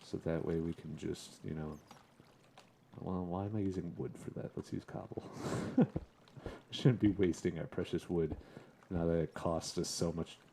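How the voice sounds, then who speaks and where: A man's voice: low-pitched, steady tone, normal speed, creaky, background noise. A young man casually commenting on his game as he plays, chatting and chuckling in a laid-back way. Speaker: gaming streamer. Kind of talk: casual Let's Play commentary.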